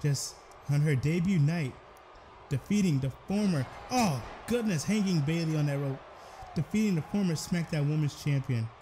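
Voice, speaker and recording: A young man narrates a wrestling video game match in play-by-play fashion, his fairly high voice jumping into shouts at big moves. A faint hiss of background noise sits under the recording. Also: normal speed. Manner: excitable, bursts into shouted exclamations.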